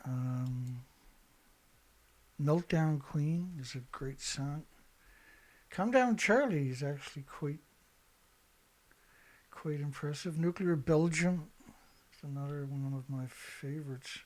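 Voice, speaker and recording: Middle-aged guy rambling on his live show, bit high voice, keeps clearing his throat. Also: slow pace, pauses often. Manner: rambling, chatty, frequent throat-clearing, swears. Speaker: show host. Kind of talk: casual livestream commentary.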